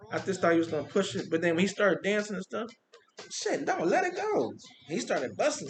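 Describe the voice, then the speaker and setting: A man with a fairly high voice recounts a street-show parade in an animated, excited way, acting out sounds as he goes. Faint room ambience sits behind him. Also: slight background noise. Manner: animated, excited storytelling with vocal sound effects. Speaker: street performer. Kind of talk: casual storytelling monologue. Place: Compton.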